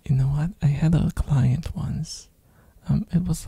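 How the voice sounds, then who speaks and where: Slow, raspy, hoarse ASMR rambler with a throat infection, chatty and giggly, close on a binaural mic. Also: mid-range voice, dark tone, dry recording. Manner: rambling, with frequent fillers and giggles. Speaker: ASMR streamer. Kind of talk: soft-spoken ASMR rambling.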